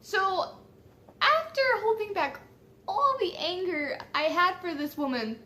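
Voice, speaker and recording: Bright high-voiced woman telling a story. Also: sing-song, slow pace. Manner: chatty, swears freely, laughs at her own story. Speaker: vlogger telling a personal story. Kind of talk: casual storytime.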